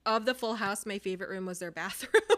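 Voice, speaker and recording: Woman cohost, bright voice, super into it, says like a lot, laughs loud. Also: medium pitch, brisk. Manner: enthusiastic, laughs loudly, lots of "like". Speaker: podcast co-host. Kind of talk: casual chat reviewing a drama.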